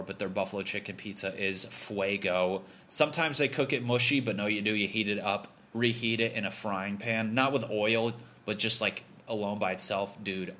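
A man's voice: lowish voice, sharp tone, slight background noise. Profane, rambling young man from Connecticut. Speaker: podcast host. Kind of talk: comedic rambling monologue.

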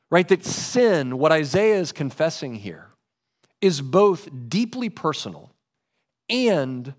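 A man preaching a sermon, lively in delivery, dropping low and soft when quoting scripture. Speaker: pastor.

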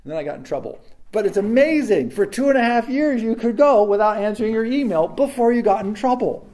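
A man's voice: high voice, a little fast. A man giving a casual reflective talk, telling stories and acting out quoted voices with animation. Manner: animated storytelling, acts out quotes.

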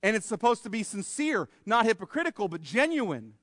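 High-voiced emphatic male preacher in a hall. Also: sing-song, brisk, fairly bright tone, studio quality. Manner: emphatic preaching, rhetorical questions, acts out little scenes. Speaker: pastor. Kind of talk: sermon. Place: church sanctuary.

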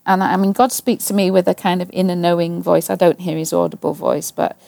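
A woman sharing a personal faith story in a casual, earnest way. She repeats herself and acts out her own anxious prayers, often dropping to a hushed voice. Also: lowish voice, flat delivery, fairly quick, vocal fry, no echo. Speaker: Christian speaker.

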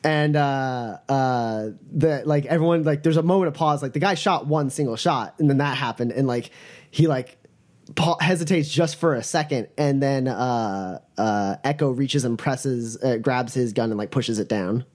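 A man's voice: mid-range voice, normal speed, a little mellow. A man narrating a tabletop game as game master, rambling with many fillers.

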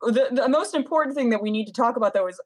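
A woman co-hosting a podcast in casual chat, lively, laughing often and swearing freely. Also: fairly high pitch, quick pace, dry recording. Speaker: podcast co-host.

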